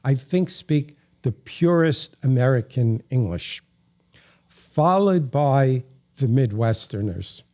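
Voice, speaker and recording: Mellow-voiced New York man, chatty storyteller. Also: mid-range voice, expressive, slow pace. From New York, Bronx. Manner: leisurely, chatty storyteller, wry humor. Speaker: guest. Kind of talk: casual interview chat.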